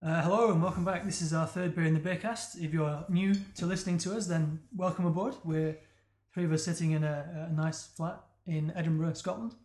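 Man, podcast host, rapid rambling chat, slightly high voice, roomy room. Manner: fast, rambling, jokey. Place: flat in Edinburgh. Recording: roomy flat.

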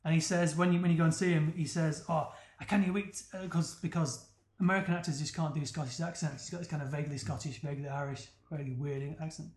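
A fast-talking man hosts a casual podcast, rambling and jokey. His voice sits slightly high, and the room around him sounds roomy. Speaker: podcast host. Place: flat in Edinburgh. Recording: roomy flat.

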